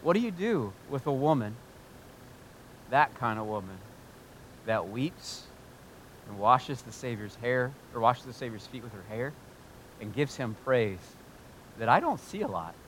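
A man preaching a sermon as pastor, swinging between hushed, intimate talk and loud, fervent exclamations, choked up with emotion at times. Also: medium pitch, sing-song, a little slow, long pauses, slight background noise. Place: church in Ohio.

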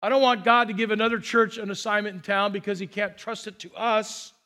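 A man's voice: sits high, little pitch movement, a little fast, bright, forceful tone. A man, a pastor, preaching a sermon with emphatic repetition and call-and-response to the congregation.

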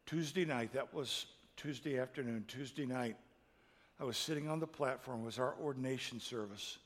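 Impassioned middle-aged pastor in a hall. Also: male voice, mid-range voice, normal speed. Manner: emotional storytelling, rising to loud impassioned peaks. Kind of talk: sermon.

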